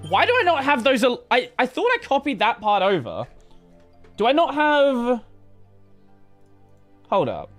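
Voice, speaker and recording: A man's voice: very high-pitched, huge pitch swings, unhurried, long pauses, a bit bright, soft background music. A man chatting casually while streaming a game, rambling and swearing as he plays. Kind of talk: casual gameplay livestream chat.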